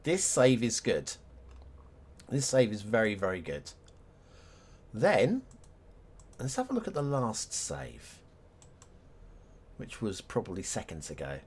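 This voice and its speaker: A middle-aged Englishman talks on a live stream in a low voice. He takes his time, drifting between thoughts in a rambling, self-mocking way. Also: wildly swooping pitch, slow pace, long pauses, darkish tone, slightly rough. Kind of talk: casual live-stream chat.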